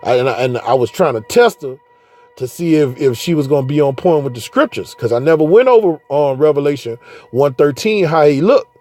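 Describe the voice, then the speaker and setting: Mellow-voiced man telling a story. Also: on the high side, expressive, a little fast, faint music behind. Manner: rambling, profane, with frequent restarts. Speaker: father speaking on faith. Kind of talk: casual spoken monologue.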